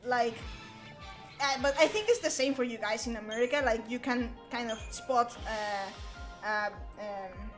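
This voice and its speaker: High-voiced Spanish woman with music behind. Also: a little slow, rough recording. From Spain. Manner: hesitant, many fillers and restarts. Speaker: stream co-host. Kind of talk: casual chat on a game stream.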